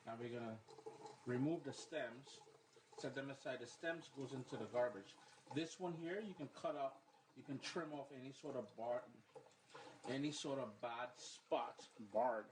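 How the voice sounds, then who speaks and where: A man hosting a relaxed, chatty cooking demonstration at home, explaining each step. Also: medium pitch, normal speed. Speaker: cooking show host. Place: home kitchen, then living room. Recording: echoey room, faint background noise.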